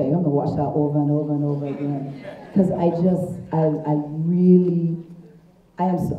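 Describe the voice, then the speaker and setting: A woman with a Caribbean accent speaking enthusiastically and from the heart at a festival talkback. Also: on the low side. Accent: Caribbean English. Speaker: voice actor on a panel. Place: cinema auditorium. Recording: echoey, distant, muffled.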